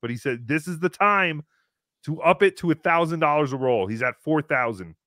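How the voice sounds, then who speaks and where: A man hosting a podcast in a fairly high voice, recorded dry and close. He talks casually and runs a wry, sarcastic play-by-play, tossing in mock disclaimers. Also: animated, normal speed, sharp tone, no room sound. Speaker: podcast host. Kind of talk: casual chat commentary.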